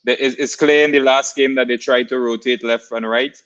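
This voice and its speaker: A man's voice: mid-range voice, steady tone, a bit bright. Easygoing man on dull lo-fi audio. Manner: easygoing, measured, filler-heavy. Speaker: podcast guest. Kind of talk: casual podcast discussion.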